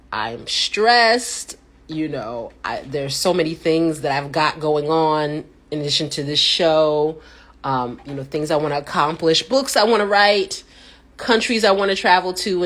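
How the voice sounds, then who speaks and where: A woman hosting a casual live chat, telling stories with animated reactions and acting out what people said with sudden pitch jumps. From United States. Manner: animated storyteller who acts out quotes with sudden pitch jumps. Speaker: host.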